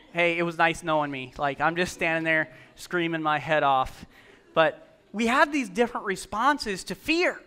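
A middle-aged man preaching in a church, his voice high and bright. He mixes scripture with lively storytelling and puts questions to the congregation, his tone crisp and clear. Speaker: pastor. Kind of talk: sermon.

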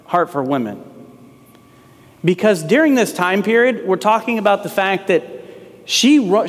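A man's voice: sits high, big-room sound. A man preaching a sermon as pastor, in a conversational way that acts out quoted lines.

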